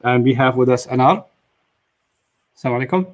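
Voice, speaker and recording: A man's voice: medium pitch, fast talker. Man teaching an online class. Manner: explains patiently and jokes with students. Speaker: Arabic teacher.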